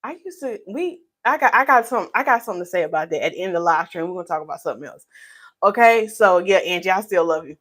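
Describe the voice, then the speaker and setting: A woman's voice: fairly low pitch, animated, fast, a bit bright. Playful woman. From North Carolina, USA. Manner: playful, teasing, reads viewer comments aloud. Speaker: hairstylist host. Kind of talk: live stream chat Q&A.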